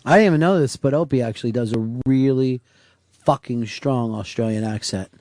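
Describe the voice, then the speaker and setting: A man's voice: medium pitch, a little fast, mellow, dry recording. A man hosting a talk radio show, joking crudely with his co-host and taking calls. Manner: crude, joking, takes callers. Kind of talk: casual talk radio banter. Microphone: studio microphone.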